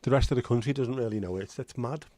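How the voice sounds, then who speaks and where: A man's voice: medium pitch, fast, darkish tone, no room sound. A man hosting a casual livestream chat, rambling and reading out viewer comments. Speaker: livestream host.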